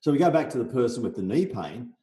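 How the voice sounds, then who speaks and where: A man's voice: mid-range voice, quick pace. A middle-aged man from Australia, a business coach guesting on a podcast, explaining his method with energy and acting out sales talks, in a roomy recording. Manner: energetic, role-plays sales conversations. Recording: roomy echo.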